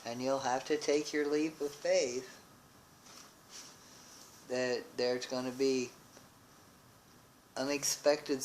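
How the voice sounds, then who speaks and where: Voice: medium pitch, a little hiss or hum, low-quality recording. A tarot reader working through a card spread, thinking aloud with restarts and often exclaiming in wonder. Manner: musing, with frequent exclamations of wonder.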